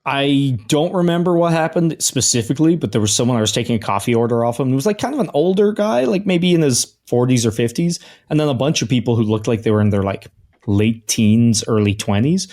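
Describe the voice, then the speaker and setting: A man's voice: mid-range voice, brisk. A man co-hosting a comedy podcast, telling anecdotes in casual chat and acting out the people in them. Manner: animated storyteller, acts out quoted voices. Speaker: podcast co-host.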